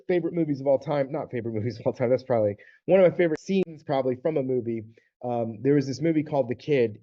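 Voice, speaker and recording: A man from the Southern United States, a men's divorce coach, talking earnestly and conversationally to camera and acting out little quoted exchanges. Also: mid-range voice. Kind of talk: direct-to-camera coaching talk. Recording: slightly dull lo-fi audio.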